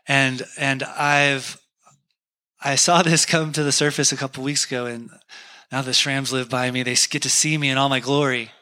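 Pastor, male, bright forceful tone, candid and self-deprecating sermon storytelling. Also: mid-range voice, clean tone.

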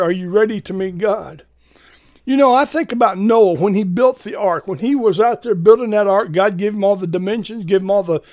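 High-voiced, earnest man preaching. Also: darkish tone. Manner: earnest, folksy and urgent. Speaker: preacher and podcast host. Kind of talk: informal preaching podcast.

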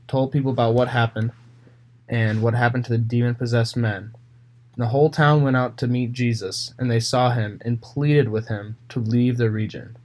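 A man reading Bible passages aloud and retelling them casually in his own words, with fillers and pauses. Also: mid-range voice, a little mellow. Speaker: Bible reader.

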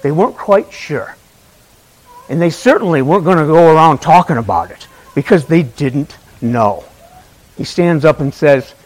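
A man's voice: fairly high pitch, expressive, normal speed, low-quality recording. A man preaching an Easter sermon in a conversational way, asking the congregation questions and telling a funny personal story. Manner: tells a personal story with humor.

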